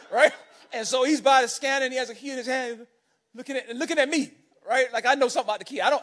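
A man preaching a sermon as an animated, conversational storyteller who keeps checking in with the congregation by asking "right?". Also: very high-pitched, a little fast. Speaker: pastor.

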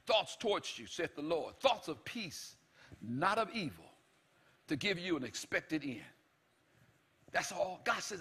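Male preacher, high bright husky voice, emphatic and shouting, repeats phrases, speaks God's lines in dialogue. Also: big pitch swings, measured pace, long pauses. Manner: emphatic, repetitive, often shouting. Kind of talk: sermon.

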